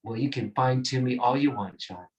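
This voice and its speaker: A woman's voice: rumbling low, normal speed, recorded from a distance, lo-fi sound, slight background noise, voice pushed down. A man voicing an eager, gushing female opera singer who speaks in a sweet, flirty, effusive way.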